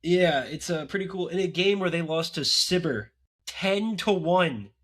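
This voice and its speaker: A man's voice: on the high side, lively intonation, a little slow, fairly bright tone. A man co-hosting a casual hockey podcast, joking and sarcastic in easygoing banter. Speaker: podcast co-host.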